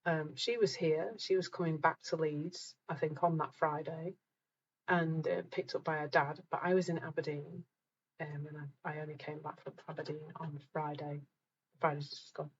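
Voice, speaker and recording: A woman's voice: sits low, little pitch movement, normal speed, muffled recording, slight background noise. A middle-aged woman hosting a live group talk, chatting casually with viewers, reading out their comments and laughing at herself.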